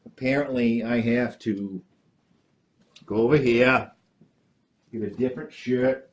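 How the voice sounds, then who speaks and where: A man hosting a homemade comedy talk show, rambling and deadpan, constantly hesitating with uh and um. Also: mid-range voice, takes it slowly, a little hiss or hum. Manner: hesitant, full of uh and um, restarts. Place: small home studio with green screen.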